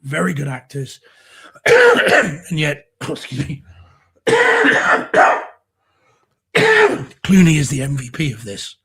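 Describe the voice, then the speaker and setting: A man co-hosting a casual home theater chat show, his voice going hoarse, talking with enthusiasm about films and discs. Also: a little high, wildly swooping pitch, slow, long pauses, sharp tone. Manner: enthusiastic, effusive. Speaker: co-host.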